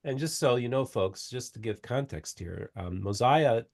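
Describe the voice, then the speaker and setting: A man's voice: mid-range voice, expressive, moderate pace, gravelly, a little mellow. Male host adding scholarly context. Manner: adds scholarly context with frequent fillers and restarts. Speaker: interviewer, show host. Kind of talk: casual conversational commentary.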